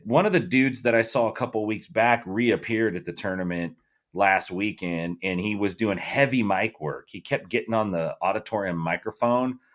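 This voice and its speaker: A middle-aged man co-hosting a podcast, talking in a loose, profane, rambling way with plenty of fillers. His pitch sits a little low and moves around a lot. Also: a bit bright. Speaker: podcast co-host. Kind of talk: casual chat.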